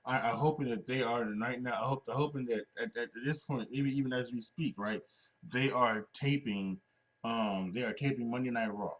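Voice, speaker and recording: A man's voice: medium pitch, normal speed, fairly bright tone. A man hosting a solo wrestling podcast, talking casually and rambling with many restarts and fillers. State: sleepy, yawning.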